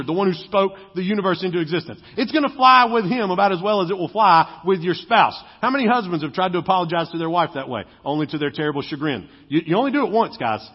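A man's voice: high-pitched, breathy edge. A man preaching a sermon as a pastor, conversational and joking, often acting out quoted speech. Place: church sanctuary. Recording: dull lo-fi sound with long hall reverb.

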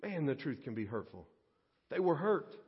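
A man preaching a sermon as pastor, dramatic, swinging between loud bursts and hushed low passages. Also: big pitch swings, normal speed, slightly rough. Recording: dull lo-fi audio with long church reverb.

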